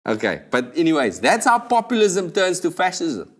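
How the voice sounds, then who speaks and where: A man with a South African accent, hosting a jokey comic monologue and switching quickly between voices. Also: on the high side, wildly swooping pitch, a bit bright. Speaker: comedian host.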